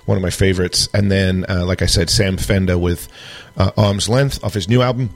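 A hoarse man hosting a radio show in a studio, his low voice rough and gravelly. He rambles casually with lots of filler words. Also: fairly even intonation, normal speed. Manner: loose, rambling, chatty with frequent fillers. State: hoarse after a night of singing and shouting. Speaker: radio DJ host.

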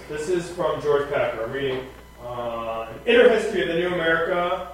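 A man's voice: a little high, normal speed. A man hosting a radio show, chatting in a rambling, wry way with many fillers. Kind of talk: casual radio chat. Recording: very echoey, far from the mic.

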